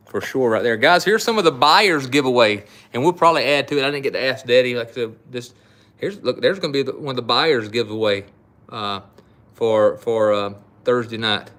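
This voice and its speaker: A middle-aged knife shop host drawls through a casual live-stream sale, folksy and rambling, as if chatting with viewers he knows. His pitch is ordinary and middling, the mood easygoing, and the sound a bit bright.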